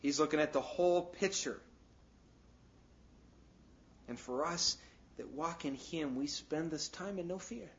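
A man's voice: a little high, moderate pace, slight background noise. A man preaching a sermon in a loose, conversational way, full of "you know" asides and jokes. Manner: breaks into jokes and acted asides. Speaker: pastor. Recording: dull, lo-fi sound.

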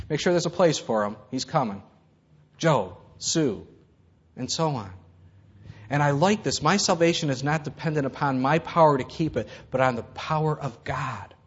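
A man's voice: mid-range voice, breathy edge, highs cut off. A man preaching a conversational sermon, acting out the voices in Bible stories. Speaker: pastor.

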